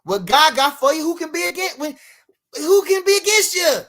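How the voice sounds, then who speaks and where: A man streaming a heated boxing rant to his live chat, loud and repetitive, swearing freely and breaking into shouts. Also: extremely high pitch, big pitch swings, moderate pace.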